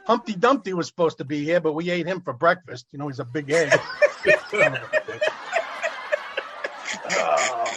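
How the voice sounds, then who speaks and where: A crude, loud-mouthed man tears through a roast, his high voice jumping all over in pitch. The recording carries steady background noise. He drops into mock carol lines between his barbs. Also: measured pace, creaky, long pauses. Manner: crude, brash, sings mock carol snippets. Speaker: roast comedian. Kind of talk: profane roast stand-up. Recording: noisy podcast recording.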